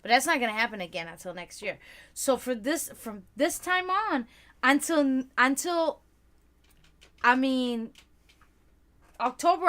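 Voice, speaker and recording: A woman hosting a livestream, telling rambling, profane stories in casual chat. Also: a little high. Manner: rambling, profane, animated storytelling. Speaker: livestream host.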